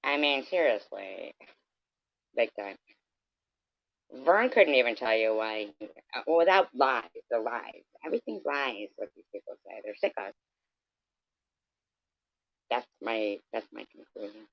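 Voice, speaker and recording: A man's voice: mid-range voice, sing-song, a little slow, creaky, long pauses, dry recording. A man ranting in a scornful, profane, rambling way, as a vlogger talking casually to his viewers. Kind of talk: casual rant. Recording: dull, dry lo-fi recording.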